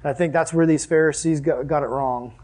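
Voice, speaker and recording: Animated young man preaching a sermon. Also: a little high, a little fast. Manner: animated, acts out scenes with sudden exclamations and laughs; asks the audience questions.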